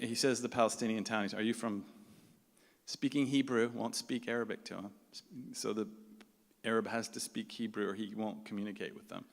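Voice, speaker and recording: Man telling a story in a hall. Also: mid-range voice. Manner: conversational, acts out quoted dialogue. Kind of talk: live storytelling. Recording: reverberant hall sound.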